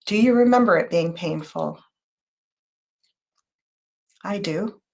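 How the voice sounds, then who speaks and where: A woman's voice: fairly low pitch, creaky. A woman hosting a live tarot reading show, talking to viewers in an emotional, intense, spiritual way. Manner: spiritual, guiding talk with quick changes of loudness. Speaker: tarot reader and show host.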